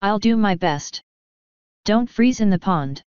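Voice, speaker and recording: A woman's voice: mid-range voice, lively intonation, takes it slowly, a little mellow, clean tone, dry recording, muffled recording. A woman reading first-person fan fiction aloud in a casual, offhand way, swearing freely. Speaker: audiobook reader.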